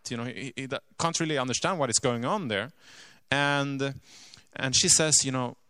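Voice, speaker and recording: A man telling a story in a sermon, earnest and dotted with "you know", sinking to a hush at grave moments. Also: medium pitch, normal speed, hardly any pauses, smooth, dry recording. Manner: drops to a hushed voice at grave moments.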